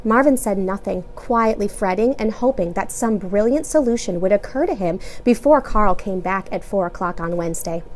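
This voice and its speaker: A woman teacher reading a children's novel aloud in an expressive way. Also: mid-range voice, a little hiss or hum. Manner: expressive, animated read-aloud.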